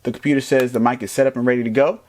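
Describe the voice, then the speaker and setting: A man casually reviewing and setting up a microphone in a playful, animated, jokey way. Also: medium pitch, very fast. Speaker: tech reviewer. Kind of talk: casual product review vlog.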